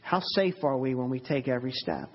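A man's voice: medium pitch, big pitch swings, a little fast, breathy edge, highs cut off. A male pastor preaching a sermon in an earnest, emphatic way, with many rhetorical questions.

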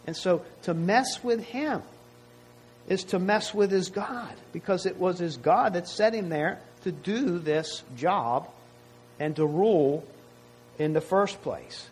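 A man's voice: high voice, slow pace, a little hiss or hum, low-quality recording. A man preaching a sermon to his congregation in a conversational way, often asking rhetorical questions. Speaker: pastor.

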